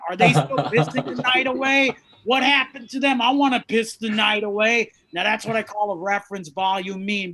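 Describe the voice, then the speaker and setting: A man co-hosting a comedy show, riffing loudly with rambling, profane jokes. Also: high-pitched. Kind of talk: stand-up banter.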